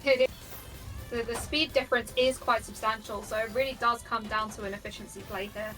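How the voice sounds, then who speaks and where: A woman giving live tournament commentary on a competitive game, bubbly and quick to laugh. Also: a little high, fairly even intonation, sharp tone, faint music behind, poor audio. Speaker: esports commentator.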